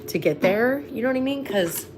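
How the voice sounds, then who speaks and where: A woman's voice: a little high, animated, a little fast. A woman, chatting on a live stream in a rambling, self-mocking way with laughing asides. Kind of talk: rambling casual chat between sung snippets. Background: ukulele strumming.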